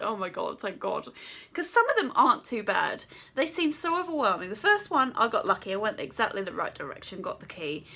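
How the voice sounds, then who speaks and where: A woman's voice: on the high side, sharp tone. A woman ranting about a video game, exasperated, swearing a lot and laughing often. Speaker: gaming vlogger. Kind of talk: sweary gaming rant.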